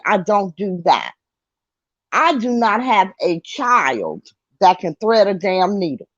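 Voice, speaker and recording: An older woman hosts a casual online talk show, reading viewer comments and chatting with light laughter and the occasional mild swear. Her voice is mid-range, and the recording has no room sound and cut-off highs.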